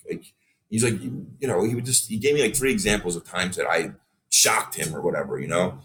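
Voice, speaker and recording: A man telling stories as a guest on a casual podcast, animated, swearing freely and acting out what others said. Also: low-pitched, brisk. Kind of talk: storytelling in casual podcast chat.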